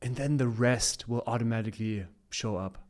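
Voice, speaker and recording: A man talking as a podcast guest in a casual, upbeat way. He coaches more than he lectures, and his voice sits at an ordinary middle pitch. He laughs easily between points. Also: moderate pace, darkish tone.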